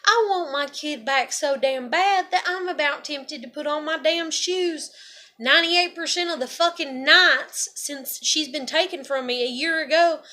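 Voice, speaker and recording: High bright woman venting. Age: 30s. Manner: blunt, profane, raw and heartfelt. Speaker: vlogger. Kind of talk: emotional venting monologue.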